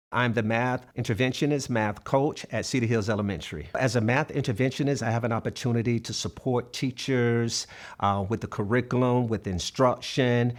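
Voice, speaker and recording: A man's voice: mid-range voice, moderate pace. Earnest man in his fifties, storyteller. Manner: earnest, acts out dialogue in his anecdotes. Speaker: math coach. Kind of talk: interview storytelling.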